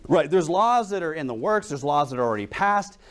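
Male preacher, young adult, higher voice, animated swings, anecdotal sermon delivery with rhetorical questions. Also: a little fast.

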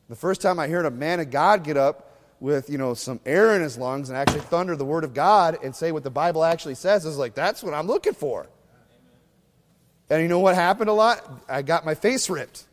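A man preaching a sermon in a fiery, mocking way, swinging between loud bursts and hushed asides. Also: on the high side, lively intonation, a little fast, in a large hall. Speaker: pastor.

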